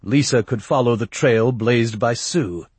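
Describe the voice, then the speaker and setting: A man narrating a story in a measured, steady way. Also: mid-range voice, slightly rough, no echo. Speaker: audiobook narrator. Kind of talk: scripted narration.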